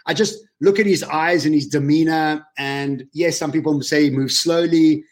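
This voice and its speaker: A man, telling personal stories in an animated, emotional way as a guest on a casual webinar interview. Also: on the high side, moderate pace. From South Africa.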